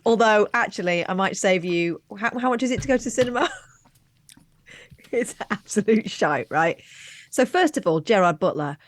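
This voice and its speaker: A woman's voice: medium pitch, lively intonation, normal speed, dry recording. A woman co-hosting a casual chat, telling stories in a wry, chatty way and laughing often. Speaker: co-host.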